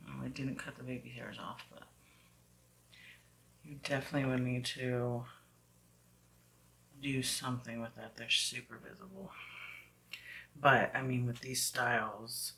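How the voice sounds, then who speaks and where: A woman with a slight Southern US accent talking through a wig review at home, chatty and often dropping into soft whispered asides. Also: very deep voice, little pitch movement, a little slow, gravelly, long pauses, slight background noise. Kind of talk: casual product review vlog.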